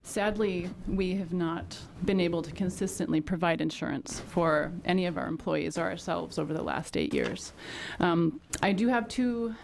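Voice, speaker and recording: A woman's voice: lowish voice, very animated, normal speed, vocal fry, hardly any pauses, a little mellow, a little hiss or hum. A woman, a small business owner, testifying at a legislative hearing, getting emotional as she speaks. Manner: emotional, voice breaking at times.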